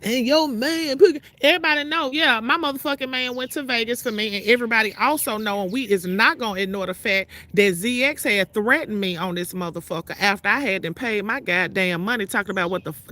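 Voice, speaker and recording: A woman's voice: a little high, fairly quick, few pauses, sharp tone. A woman from Mississippi, ranting outdoors to her viewers in a brash, profane, confrontational way. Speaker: vlogger. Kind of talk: ranting call-out vlog to viewers. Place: outdoors outside her trailer.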